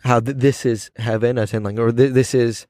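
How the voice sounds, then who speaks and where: A podcast host sits outdoors on campus steps, talking things through in a reflective, casual, thoughtful way and often checking in with his listener with "right?". His mid-range voice is mellow and steady in tone at a normal speed. The recording is studio quality with no room sound.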